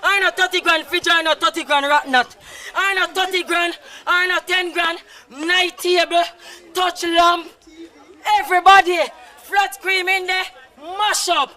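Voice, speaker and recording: A man with a Jamaican accent, a flood-hit resident loudly pleading and repeating his demands. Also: very high voice, fairly even intonation, measured pace. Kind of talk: street interview complaint.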